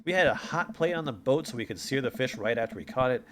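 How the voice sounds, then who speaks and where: A boastful rival dad, a grown man forever trying to top the other guy, read by a man in close to his own voice. He sounds smug and competitive, with a lively, bouncing pitch and a faint hiss behind him. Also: fast talker, natural voice. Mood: storytelling.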